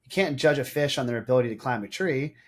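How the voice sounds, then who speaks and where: A male podcast host talks through his thoughts in a relaxed, reflective way. He often ends a point with a quick "right?" to check in with his guest. His voice sits in an ordinary middle range. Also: medium pitch. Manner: reflective, often adds tag questions. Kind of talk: casual interview conversation.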